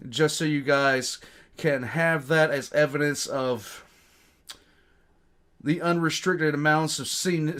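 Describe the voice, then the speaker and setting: Rambling self-mocking man, slightly high voice. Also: fairly bright tone. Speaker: reaction channel host. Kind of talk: casual chat. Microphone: streaming mic.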